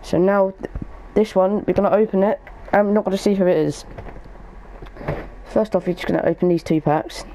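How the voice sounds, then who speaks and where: A man's voice: sits high, steady tone, brisk, dark tone, slight background noise, poor audio. A young man giving casual gaming commentary as a YouTuber, thinking aloud as he goes. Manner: chatty, thinks aloud while opening packs.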